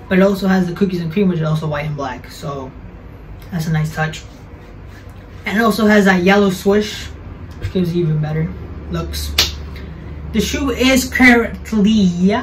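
A man's voice: high-pitched, fairly bright tone, distant mic, a little hiss or hum, low-quality recording. A young man chatting casually as a sneaker vlogger, slangy and correcting himself as he goes.

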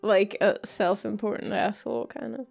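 A woman's voice: medium pitch, fairly even intonation, normal speed, gravelly, darkish tone, faint music behind. Woman, hesitant and self-deprecating. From Germany. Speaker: let's play co-host. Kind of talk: casual game commentary.

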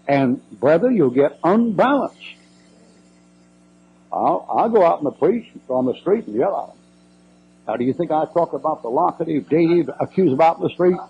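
A man's voice: a little high, lively intonation, fairly quick, vocal fry, a little hiss or hum. An older man, a preacher answering questions in a church Q&A, folksy, blunt and emphatic with joking asides, on a muffled old cassette recording.

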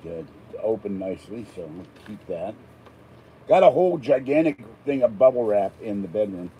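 A man's voice: on the low side, animated, moderate pace, highs cut off, slight background noise. An older man from Pittsburgh, chatting casually and rambling between topics as he unboxes an item. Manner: chatty, digressive, self-deprecating asides. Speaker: unboxing vlogger.

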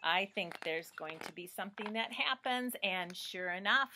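Bright, slow-talking woman reading to kids. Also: medium pitch, lively intonation. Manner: warm, encouraging, asks the listener questions. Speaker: storyteller reading to children. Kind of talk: children's read-aloud.

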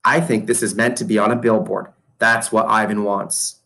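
A man's voice: lowish voice, flat delivery, moderate pace, vocal fry, pushed and bright. A man reading aloud voices an earnest young girl who talks in an eager, pleading way.

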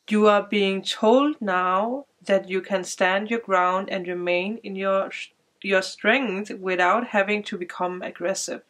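A woman talks through a tarot card reading in a loose, chatty way, full of fillers and little restarts. She is emotional and teary, and her voice sits at an ordinary middle pitch. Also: fairly bright tone, a little hiss or hum. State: tearful. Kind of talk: casual spiritual card reading.

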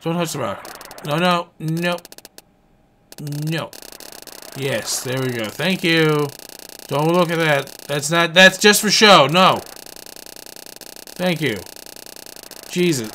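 A man commentating his own fishing game playthrough, talking straight to the fish on screen. His voice is bright and tense, sitting a little high. He swears freely and swings between coaxing and scolding, over a faint background hiss. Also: slow, long pauses. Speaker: gaming channel host. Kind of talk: let's play commentary.

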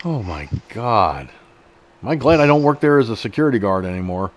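A man's voice: lowish voice, big pitch swings, fairly quick. A middle-aged man hosting an online news show, reading an article aloud and breaking off into blunt, profane, indignant commentary.

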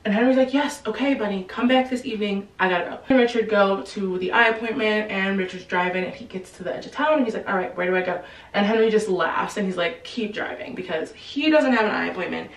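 A woman casually retelling a novel's plot in a chatty, slangy way, quickly acting out the characters' lines. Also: medium pitch, echoey room, distant mic, low-quality recording. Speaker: book explainer. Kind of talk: casual book recap.

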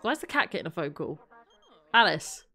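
A woman's voice: fairly low pitch, sing-song, fairly quick, pushed and bright, soft background music. A woman giving chatty let's play commentary, thinking aloud and exclaiming at what happens in the game. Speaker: gaming channel host.

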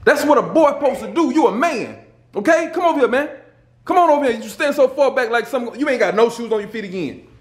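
Southern us guy hollering at his kids, laughing and bossing, pretty high voice, roomy echo. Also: expressive, quick pace. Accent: Southern US Black English. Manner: loud, teasing, bossy, laughs a lot. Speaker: vlogger, father. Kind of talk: pranking his kids on camera.

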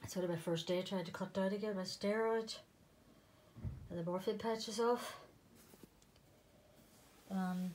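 A middle-aged woman from Northern Ireland with a Northern Irish accent, out of breath, chatting casually to camera and drifting into soft half-whispered asides. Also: mid-range voice, a little hiss or hum. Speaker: vlogger.

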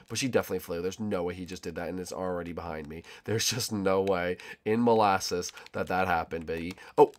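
A young man hosting casual gameplay commentary, joking and bantering with sudden loud outbursts. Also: on the low side. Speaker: gaming channel host.

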